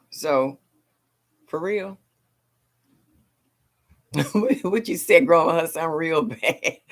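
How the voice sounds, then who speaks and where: Chatty animated middle-aged woman host. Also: low-pitched. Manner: chatty, animated, laughs often, talks back to viewers. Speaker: gardening livestream host. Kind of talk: casual livestream chat.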